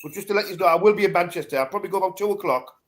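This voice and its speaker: Brief: man, high voice, co-host, crude laughing banter. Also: rapid-fire. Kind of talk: casual chat.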